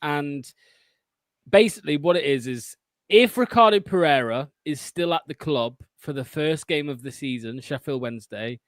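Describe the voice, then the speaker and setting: Man, slightly high voice, halting, repeats words, dry close sound. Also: expressive, dry recording. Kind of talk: casual chat.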